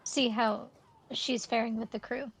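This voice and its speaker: Slow, high-voiced woman player. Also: fairly even intonation, slightly rough, rough recording.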